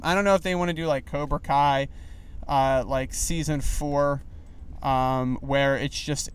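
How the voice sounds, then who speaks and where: A young man hosting a solo podcast while driving, rambling in a loose, animated way with lots of fillers. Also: medium pitch, clear, resonant tone, no room sound. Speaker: podcast host. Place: inside a car.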